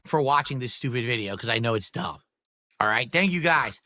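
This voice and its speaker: A man's voice: mid-range voice, lively intonation, a little fast, pushed and bright, no room sound, clean studio sound. A man streaming casually at a desk mic in his office, chatting with viewers between bites and teasing them with mock outrage. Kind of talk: casual livestream chat while eating. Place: office room indoors. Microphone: close desk mic.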